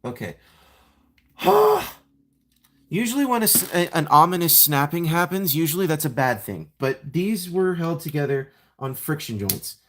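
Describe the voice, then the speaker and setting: A man's voice: on the high side, very animated, a little slow. A young man chatting casually on a live stream while transforming a toy figure, rambling, self-mocking and greeting viewers by name.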